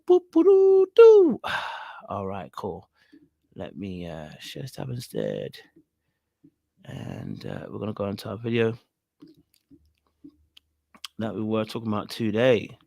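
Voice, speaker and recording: A man hosting a podcast in a casual, rambling way, full of "you know" and "um". His voice sits at an ordinary middle pitch and sounds dry and close to the mic. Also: vocal fry, no echo. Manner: rambling, filler-heavy, laughs at the clip. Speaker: podcast host.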